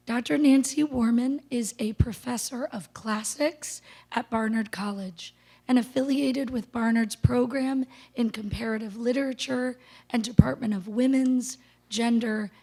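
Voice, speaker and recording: Hoarse woman with a strained, gravelly voice. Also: fairly high pitch, dark tone. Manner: apologetic, partly whispered delivery. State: hoarse, lost voice. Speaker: faculty member introducing the speaker. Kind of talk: formal introduction at a public lecture. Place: lecture room. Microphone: handheld microphone.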